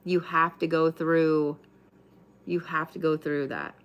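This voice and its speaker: A woman's voice: low-pitched, level tone, slow, highs cut off. A woman giving a live tarot reading in a casual, chatty way, swearing freely. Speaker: tarot card reader.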